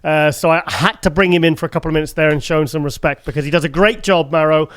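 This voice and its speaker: High-voiced chatty man host. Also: fairly even intonation, fast talker, a bit bright, smooth, no echo. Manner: chatty, joking, banters with co-host. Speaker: podcast host. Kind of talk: casual chat.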